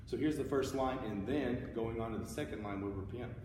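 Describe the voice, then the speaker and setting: A man's voice: medium pitch, a little fast, noisy background. Man teaching, echoey distant room. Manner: casual, upbeat explaining. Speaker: music teacher. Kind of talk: instrument tutorial.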